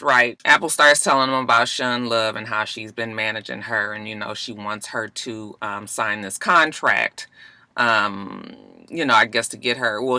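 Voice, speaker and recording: A woman's voice: a bass voice, bright, forceful tone, no echo. A woman vlogger giving a casual, sassy, blunt review of a reality show as a YouTube reviewer, swearing freely.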